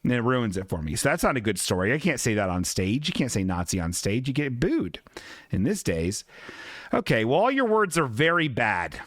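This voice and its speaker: A man's voice: mid-range voice, sing-song, moderate pace, fairly bright tone, no echo, studio quality. A man hosting a live-streamed podcast in casual chat, rambling, self-deprecating and swearing a lot. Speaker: podcast host.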